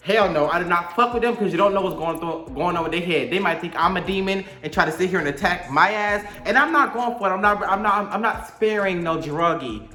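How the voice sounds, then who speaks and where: A man's voice: high voice, bright, forceful tone, echoey room. A young man, telling a profane, dramatic storytime monologue to camera and acting out his own quotes. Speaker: storytime vlogger.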